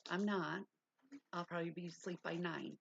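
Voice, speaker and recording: A woman's voice: on the low side, steady tone, normal speed, vocal fry. An older woman hosting a livestream, chatting casually and rambling as she answers viewers. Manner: chatty, rambling, talks back to chat. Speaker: livestream host. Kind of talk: casual chat with live viewers. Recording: dull lo-fi stream audio with faint hiss.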